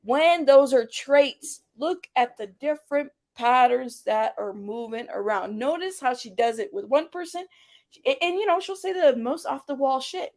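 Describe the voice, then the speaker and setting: A woman hosting her own commentary show, speaking in a somewhat high voice. She talks bluntly and casually and swears freely. She also leans heavily on sarcasm and rhetorical questions. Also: animated, normal speed. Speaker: commentary channel host.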